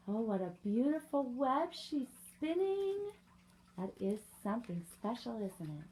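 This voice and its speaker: A woman reading a children's bedtime story aloud as a library storyteller, gentle and coaxing, talking straight to the young viewers. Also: fairly high pitch, very animated, measured pace, slight background noise.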